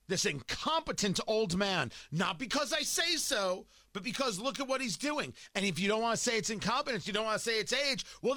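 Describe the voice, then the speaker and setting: A man's voice: high-pitched, pushed and bright, dry recording, clean studio sound. A man hosting political commentary, combative and emphatic, firing off rhetorical questions and repeating points for effect.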